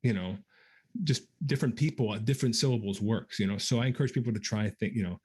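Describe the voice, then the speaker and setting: A man's voice: on the low side, fast, darkish tone, husky. Man musician explaining technique, thinking aloud. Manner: thoughtful, many ums, scats articulation syllables aloud. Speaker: guest trombonist answering viewer questions. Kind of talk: casual livestream Q&A.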